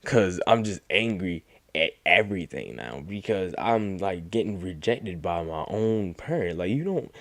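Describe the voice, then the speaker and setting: Lively young man telling a dream story. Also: on the low side, gravelly, dry recording. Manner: animated, acts out quoted lines in a raised voice. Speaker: gaming YouTuber. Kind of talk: casual storytime recap.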